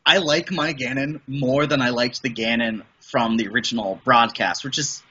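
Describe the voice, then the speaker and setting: A middle-aged man from the Midwest with a bright but husky voice. He rambles enthusiastically through a casual interview, often restarting his sentences. The podcast audio sounds dull and lo-fi. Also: medium pitch, moderate pace. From American Midwest. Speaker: podcast guest, voice and audio producer.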